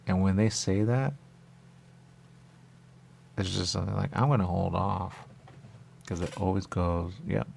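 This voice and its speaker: A man with a deep, low-pitched voice and a gravelly, fry-laden texture hosts a radio talk show. He rambles in a meandering monologue, circling back over the same phrases as he muses aloud. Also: fairly even intonation, measured pace, long pauses, darkish tone, a little hiss or hum. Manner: repetitive, meandering, musing aloud.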